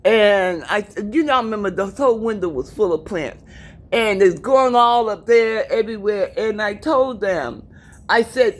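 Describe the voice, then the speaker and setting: A woman's voice: medium pitch, moderate pace. A middle-aged woman vlogging from her apartment, giving an emphatic, preachy personal rant to her viewers and repeating herself for emphasis.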